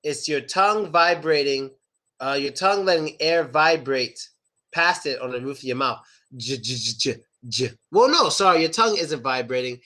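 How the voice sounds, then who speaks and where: A man's voice: on the high side, lively intonation, moderate pace, bright, forceful tone. A young man teaching English pronunciation in a casual online lesson, chatty and demonstrative, drawing out example words.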